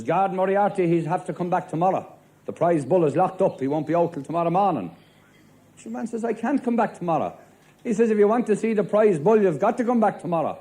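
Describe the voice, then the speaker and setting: An Irish comedian with a high, slightly rough voice performs live stand-up as a policeman. He tells jokes in deadpan story form with rapid one-liners, while faint laughter and crowd noise fill the background.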